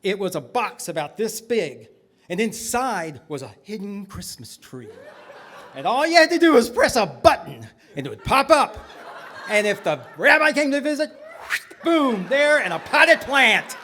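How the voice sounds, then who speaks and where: A man from Texas telling a comic story on stage with an animated, exaggerated delivery. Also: high-pitched, normal speed, a little hiss or hum.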